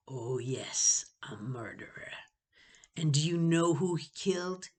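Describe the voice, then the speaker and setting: A woman's voice: deep voice, expressive, slow, a little mellow, exaggerated voice. A woman voicing a cruel, sneering boy who taunts and gloats over his words, in a storybook reading. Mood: gloating.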